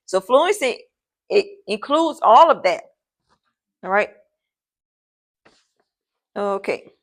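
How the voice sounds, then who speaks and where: A woman teacher with a medium-pitched, animated voice speaks slowly while giving an informal classroom lesson. She repeats key points, keeps checking in with "okay?" and "all right?", and calls the class "y'all".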